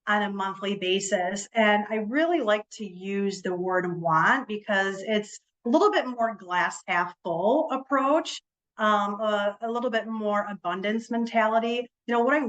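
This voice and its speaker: A woman of medium pitch presents a finance webinar in an easy, conversational way. She explains step by step, fills her pauses with ums and repeats a word now and then. She leans on the key words to stress them. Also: a bit bright, poor audio.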